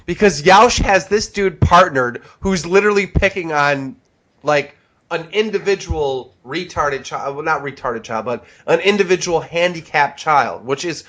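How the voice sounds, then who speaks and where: A man's voice: fairly high pitch, unhurried, a bit bright. Brash, swearing podcast co-host man. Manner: heated, storytelling, frequent swearing. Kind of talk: casual profane chat.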